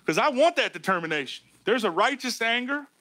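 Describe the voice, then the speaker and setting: A man preaching a sermon as a pastor, emphatic and folksy, swinging between loud lines and hushed ones. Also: extremely high pitch, lively intonation, fairly quick, dry recording. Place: church sanctuary.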